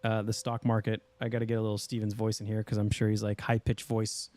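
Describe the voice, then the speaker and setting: A man's voice: on the low side, monotone, fast, darkish tone, dry recording. Easygoing joking podcast co-host man. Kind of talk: casual chat.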